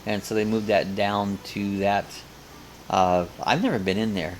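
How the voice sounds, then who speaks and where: A man's voice: fairly low pitch, level tone, unhurried, a little hiss or hum. An older man hosting a live coffee chat, casually reading viewer comments aloud and rambling between them.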